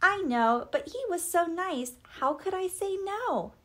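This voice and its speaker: A woman voicing a spirited, eager young princess in a storybook read-aloud, speaking in a bright, enthusiastic way. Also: very high voice, animated, a little slow, voice pushed up.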